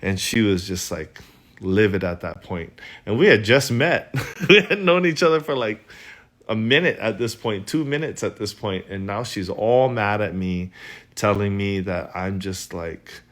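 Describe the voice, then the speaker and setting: A man's voice: fairly low pitch, expressive, unhurried, a bit bright. A man from Hawaii with a Hawaiian accent, telling a wry personal story with laughs along the way. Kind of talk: storytelling monologue.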